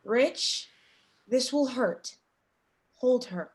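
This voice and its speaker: A woman voicing a teenage girl in a play reading, speaking urgently and pleading for calm. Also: fairly high pitch, very slow. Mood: steadying.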